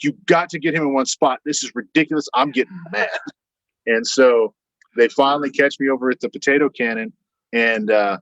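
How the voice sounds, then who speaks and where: Man rambling through a story, muffled and dry. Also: dry recording. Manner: rambling, animated retelling with quoted voices and frequent fillers. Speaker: podcast guest. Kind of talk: casual anecdotal storytelling. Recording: dull, dry low-fidelity sound.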